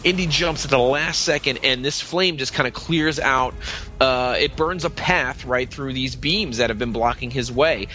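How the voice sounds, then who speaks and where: A man's voice: medium pitch, moderate pace, bright, forceful tone. A man co-hosting a podcast, retelling a comic's plot in a chatty, playful way. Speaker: podcast co-host. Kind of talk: casual comic book discussion.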